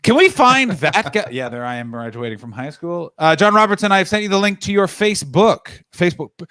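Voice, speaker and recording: A man's voice: on the high side, a little fast, fairly bright tone, smooth. Rambling man hosting a casual stream. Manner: rambling storyteller, many restarts and asides. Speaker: streamer and host. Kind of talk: casual chat.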